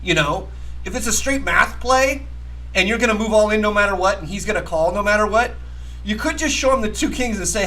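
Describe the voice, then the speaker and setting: A man's voice: sits high, animated, fast talker, pushed and bright, low-quality recording. A man hosting a poker talk show, rambling and profane, arguing emphatically and laughing often. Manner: emphatic, argumentative. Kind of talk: casual chat.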